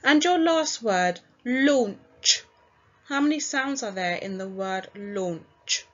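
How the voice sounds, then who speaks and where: Slow, clear woman teaching phonics. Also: medium pitch, animated, fairly bright tone, dull audio. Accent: British English. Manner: slow, clear, sounding out each letter. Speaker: primary school teacher. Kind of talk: recorded phonics lesson for young children.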